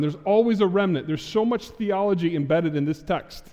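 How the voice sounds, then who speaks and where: A man's voice: high-pitched, fairly quick, hardly any pauses, dark tone, big-room sound. A man preaching a sermon, acting out Bible figures in casual modern speech. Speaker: pastor. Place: church sanctuary.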